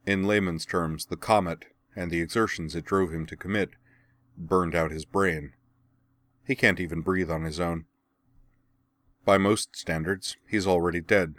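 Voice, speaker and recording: A man reading as a cold, dismissive hospital doctor who speaks in a clinical, detached and measured way. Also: low-pitched, steady tone, fairly bright tone, no room sound.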